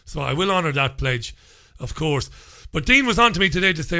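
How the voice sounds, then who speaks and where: A man's voice: fairly high pitch, animated, a little fast, sharp tone. A man hosting a talk radio show, rambling through listener messages in a sarcastic, mocking monologue.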